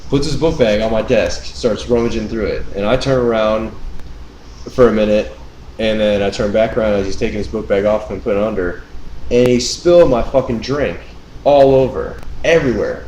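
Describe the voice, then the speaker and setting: A man co-hosting a podcast, telling a story in casual chat with animated, profane ranting. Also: lowish voice, brisk, slight background noise. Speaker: podcast co-host. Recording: roomy room sound.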